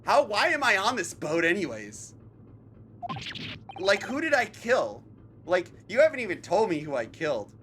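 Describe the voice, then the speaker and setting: A man's voice: sits high, huge pitch swings, normal speed, background noise, pitched above the performer's own voice. A man voicing an indignant young male defendant, protesting in an exasperated way.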